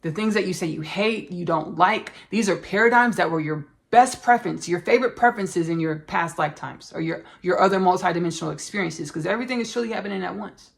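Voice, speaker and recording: Female podcast host, gravelly fry-heavy voice, earnest spiritual monologue with halting, repetitive delivery. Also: fairly low pitch.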